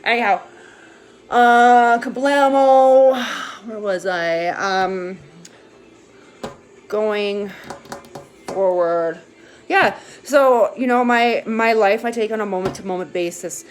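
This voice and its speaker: A woman's voice: mid-range voice, slow, long pauses. A woman talking candidly in a casual rambling monologue, full of fillers and restarts, with occasional swearing and a tearful edge. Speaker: vlogger sharing her recovery.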